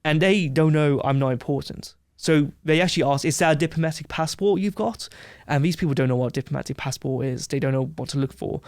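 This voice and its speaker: A man from England, a podcast guest telling a brash, animated story in casual chat. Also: mid-range voice, fast talker, hardly any pauses, no room sound, clean studio sound.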